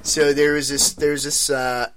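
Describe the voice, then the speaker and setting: A man with a bright, slightly high voice tells a rowdy story to his friends. He swears freely and acts out each person's lines with lively energy. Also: unhurried, slight background noise. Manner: animated, profane, acts out voices. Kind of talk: casual storytelling among friends.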